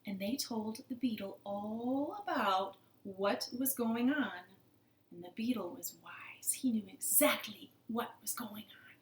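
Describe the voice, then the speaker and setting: A woman's voice: on the high side, unhurried, roomy sound, a little hiss or hum. A woman librarian reading a picture book aloud to children from her living room, playful and asking them questions. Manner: animated and playful, asks the kids questions.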